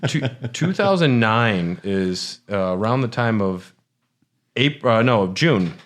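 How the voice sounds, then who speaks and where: A man's voice: fairly low pitch, expressive, slow. A man co-hosting a podcast in casual chat, rambling and hesitant with frequent restarts. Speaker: podcast co-host.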